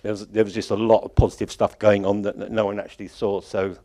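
A man with a slightly low voice speaks to a church conference crowd in a loose, off-the-cuff way. He circles back on his sentences, stumbles and chuckles to himself. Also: level tone, fast talker, mellow. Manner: rambling, self-correcting, chuckling often. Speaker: conference organiser addressing congregation. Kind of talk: informal closing address at a church conference.

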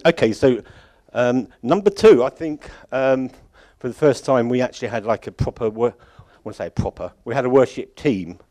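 Rambling, chuckling church leader. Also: male voice, on the low side, a little mellow. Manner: rambling, self-correcting, chuckling often. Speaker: conference organiser addressing congregation. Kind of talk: informal closing address at a church conference.

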